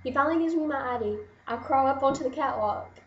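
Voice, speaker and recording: A young adult woman vlogger telling a story in an excited, rambling way, full of "like". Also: high voice, fast, reverberant, muffled recording, a little hiss or hum. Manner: excited, rambling, gushing, lots of "like". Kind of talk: casual storytelling to camera.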